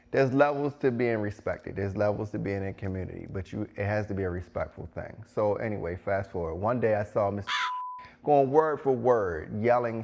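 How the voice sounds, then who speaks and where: A man's voice: on the low side, vocal fry, darkish tone, a little hiss or hum. A man giving emphatic, preachy advice to teachers, repeating phrases for stress. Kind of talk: direct-to-camera advice talk.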